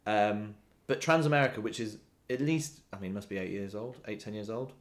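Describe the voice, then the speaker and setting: A man co-hosting a podcast in casual chat, opinionated and animated, laughing often. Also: lowish voice, a little fast. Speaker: podcast co-host.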